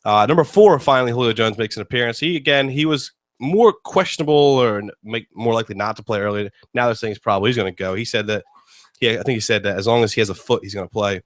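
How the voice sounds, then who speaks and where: A man's voice: medium pitch, fast, no room sound, studio quality. A man hosting a casual sports talk show, rambling and joking with lots of fillers. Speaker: host.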